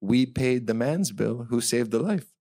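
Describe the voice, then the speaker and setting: A man's voice: mid-range voice, expressive, measured pace, dark tone. A man voicing a secretive French restaurant server in a put-on French accent.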